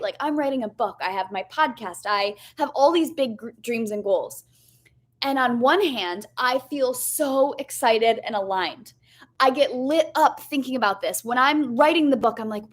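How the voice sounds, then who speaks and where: A woman's voice: fairly high pitch, lively intonation, moderate pace. A young woman coach giving a candid, chatty motivational lesson, often asking "right?" and swearing casually. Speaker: life coach.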